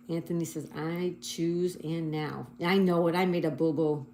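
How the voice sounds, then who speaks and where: A woman hosting a casual livestream, reading viewer comments and slowly spelling out crossword answers letter by letter. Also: deep voice, fairly even intonation, dark tone, slight background noise. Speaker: livestream host.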